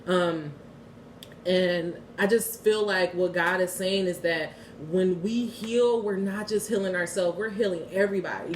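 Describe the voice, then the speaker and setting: A woman's voice: fairly low pitch, a little hiss or hum. Woman, thirties, spiritual card reader, candid, swears freely, echoey room, a bit off-mic. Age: 30s. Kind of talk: casual spiritual reading with prayer. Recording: echoey room, heard from a distance.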